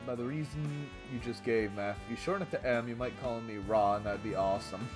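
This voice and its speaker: Over music, a man with a medium-pitched voice talks a little fast as he plays a visual novel. He reads the story aloud with animation, shifting between voices for the characters and chatting about the game between lines.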